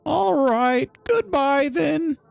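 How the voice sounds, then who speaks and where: Brief: streamer woman voicing a cranky old landlady, high put-on voice, big swoops of pitch, game dialogue read aloud. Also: expressive, extremely slow, gravelly, a little mellow, faint music behind, full character voice. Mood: offhand. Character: grumpy old landlady, curt and dismissive.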